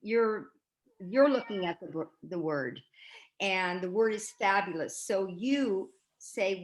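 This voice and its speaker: A woman on a parent panel explaining patiently how to model taking words apart, thinking out loud as she goes. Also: medium pitch, takes it slowly, slight background noise, rough recording. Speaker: reading specialist panelist. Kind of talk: casual panel discussion.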